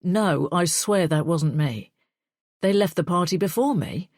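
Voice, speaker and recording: A woman reading the part of a remorseful, desperate dying man in an audiobook thriller, speaking in a hushed, earnest plea. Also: high voice, a little slow, no echo, studio quality. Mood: pleading. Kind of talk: audiobook dialogue.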